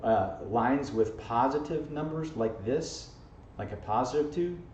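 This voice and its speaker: An expressive, darkish medium-pitched voice, a little slow, comes from a math teacher whose algebra lesson is jokey and playful, with constant "okay?" and "right?". It's an informal video lesson. Because he's recorded from across the classroom, the audio is echoey, distant and dull with a faint hiss.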